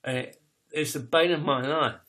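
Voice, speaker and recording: A man in his fifties, a poet telling his own life story as a personal confession, speaking raw and emotional with halting restarts and blunt swearing. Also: a little high, fairly even intonation, pushed and bright. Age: 50s.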